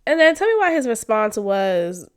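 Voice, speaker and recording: A young woman hosts a podcast and shares a personal story in a casual, candid way. She is expressive, laughs often and talks straight to her listeners as y'all. Her voice sits a little on the high side. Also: moderate pace, clean tone. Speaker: podcast host.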